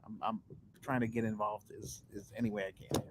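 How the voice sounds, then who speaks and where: A man co-hosting a casual podcast, giggly and teasing, halting with restarts as he talks. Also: fairly low pitch, flat delivery. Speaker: podcast co-host. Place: outdoors, floating in a pool.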